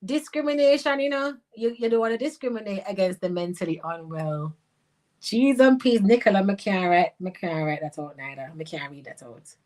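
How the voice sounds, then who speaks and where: Animated woman a lilt. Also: lowish voice, normal speed. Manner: animated, slips into patois, bursts of laughter. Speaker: life coach and commentator. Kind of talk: livestream commentary reading comments.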